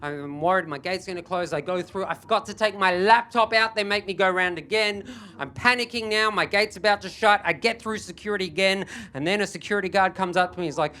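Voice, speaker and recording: Male stand-up, bright and forceful tone, self-mocking, animated delivery, live stage. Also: high-pitched, fairly quick, hardly any pauses. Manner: animated, self-mocking, building to frantic yelps. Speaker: stand-up comedian. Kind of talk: stand-up storytelling.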